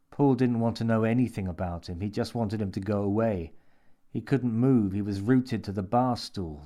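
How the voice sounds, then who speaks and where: A man reading a dark story aloud in a measured, steady narration. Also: on the low side. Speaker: story reader. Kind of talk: audiobook narration.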